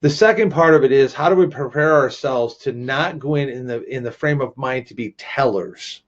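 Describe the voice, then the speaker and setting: A man's voice: mid-range voice, normal speed, highs cut off. A man presenting a workplace training webinar in a conversational way, often checking in with "right?" and adding sarcastic asides.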